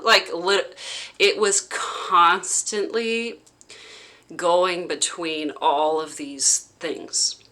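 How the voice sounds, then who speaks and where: Woman vlogger, unhurried and halting, crisp bright tone, casual storytelling. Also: lowish voice. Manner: halting, heavy with "like" fillers. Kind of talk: casual personal recounting.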